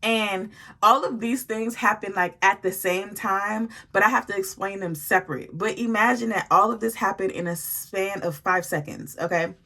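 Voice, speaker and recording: A woman telling a story to her viewers in a casual, animated way, full of slang and swearing. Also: mid-range voice, moderate pace.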